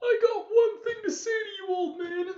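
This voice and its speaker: A woman playing a melodramatic heartbroken young man who shouts through tears. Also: very high voice, fairly even intonation, moderate pace, muffled recording. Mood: anguished.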